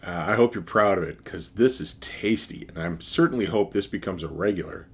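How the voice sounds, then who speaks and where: Casting note: man with a low, husky voice, host of an enthusiastic casual tasting vlog. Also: a little fast. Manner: enthusiastic, with frequent fillers and restarts. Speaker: beer reviewer.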